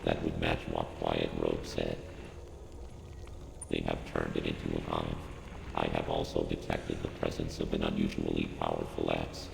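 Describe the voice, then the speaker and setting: A gravelly monotone ship computer. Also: male voice, very deep voice, normal speed, exaggerated voice. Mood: briefing. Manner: flat, clipped mission briefing. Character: calm male ship computer AI. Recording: echoey game audio with background noise.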